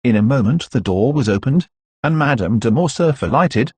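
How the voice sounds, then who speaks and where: A man narrating a classic novel as an audiobook in a measured, steady reading. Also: mid-range voice, husky, no echo. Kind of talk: scripted narration.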